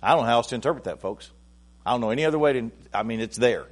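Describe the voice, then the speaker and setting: A male pastor preaching a sermon, talking conversationally to his congregation, restarting phrases and building to loud, emphatic peaks. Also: mid-range voice, lively intonation, very fast.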